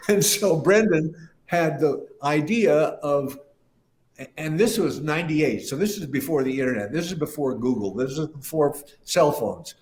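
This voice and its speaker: An older man, a musician appearing as a guest, tells a rambling anecdote in a casual storytelling interview. His voice is fairly high with a darkish tone, and he acts out the voices of the people he quotes.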